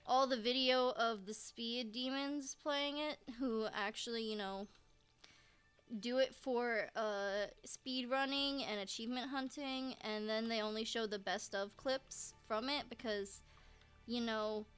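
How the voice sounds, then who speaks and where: A woman's voice: on the high side, fairly even intonation, slow, fairly bright tone, clear, resonant tone, faint music behind. A woman streamer giving casual let's-play commentary, rambling to herself with frequent restarts and giggles. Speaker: game streamer.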